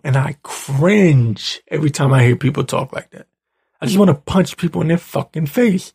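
A man rants at his audience with angry, profane energy, his voice gravelly and rough at the edges. He sits slightly higher than most men and keeps pushing into heated bursts. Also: moderate pace, darkish tone. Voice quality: gravelly, husky. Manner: angry, profane, ranting, rising to heated outbursts. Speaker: show host. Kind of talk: profane political rant.

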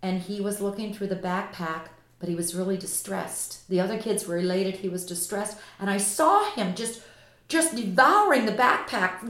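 A woman's voice: a little high, lively intonation, normal speed, fairly bright tone. A woman author and expert guest in a podcast interview, telling a vivid story with passion. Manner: impassioned, vivid anecdotal storyteller. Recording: echoey room recording.

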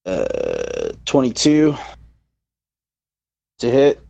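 A gravelly man with a lively, swooping voice plays a tabletop game. He calls out his rolls slowly and hesitantly, with plenty of pauses and fillers. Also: mid-range voice, lo-fi sound. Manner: slow, hesitant, reads out dice rolls. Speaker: player. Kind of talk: casual tabletop game play.

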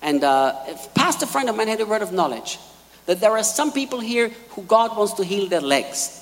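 A man preaches a sermon with lively storytelling, his pitch swinging widely. He acts out the quotes in his stories. His voice rings in a hall with a long reverb. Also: moderate pace. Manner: animated storytelling, acting out quotes.

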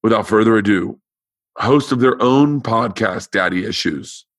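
Tired, low-voiced man rambling on. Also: measured pace, no room sound. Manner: rambling, stuttering restarts. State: tired voice with no power behind it. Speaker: podcast host. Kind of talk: casual chat.

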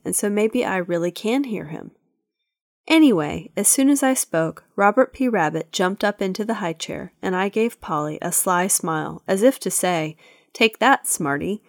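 A woman's voice: on the low side, no echo, clean studio sound. Woman narrating a children's audiobook. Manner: even, storytelling read.

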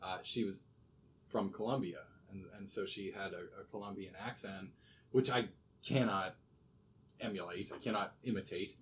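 A man's voice: low-pitched, fairly even intonation, moderate pace, fairly bright tone, low-quality recording. Guy on a podcast, telling stories, laughs a lot, faint noise behind. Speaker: podcast guest, research expert. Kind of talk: casual chat, storytelling.

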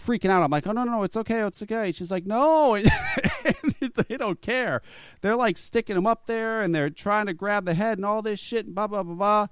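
A man's voice: high voice, clear, resonant tone, no echo, studio quality. A man telling a long, profane story in casual chat, full of restarts and stammered repeats. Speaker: guest.

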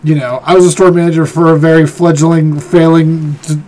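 A man's voice: a little high, little pitch movement, brisk, darkish tone. A man in a casual chat, talking in a wry, joking way.

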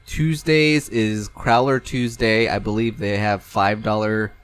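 A man's voice: lowish voice, steady tone, a little slow, clear, resonant tone. A young man from California chatting on a podcast, rambling loosely, swearing casually and laughing easily. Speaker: podcast co-host. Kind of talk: casual chat.

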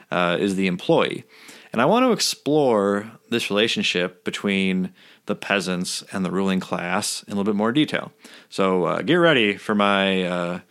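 A man's voice: on the low side, fairly bright tone, clean tone. A man giving a casual explainer over his own drawings, blunt and sardonic, with some swearing. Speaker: video essayist.

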